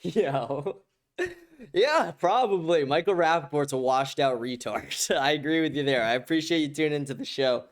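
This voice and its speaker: A man's voice: fairly high pitch, normal speed. Young man, blunt profane livestream host. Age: young adult. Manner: blunt, profane, laughs often. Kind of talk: casual livestream chat reading comments.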